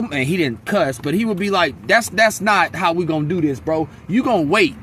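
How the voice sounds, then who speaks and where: Vlogger, male, bright forceful tone, slightly raised pitch, blunt and profane, faint background noise. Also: moderate pace, few pauses. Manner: blunt, venting, profane, animated storytelling. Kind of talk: casual vlog monologue. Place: outdoors in a wooded area near a freeway.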